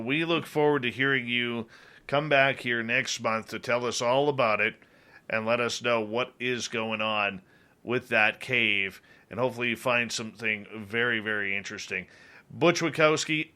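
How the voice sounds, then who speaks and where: Male radio host, bright forceful tone, chatty and casual. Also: medium pitch, clear, resonant tone. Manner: chatty, reads out chat names. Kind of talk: casual talk radio chat.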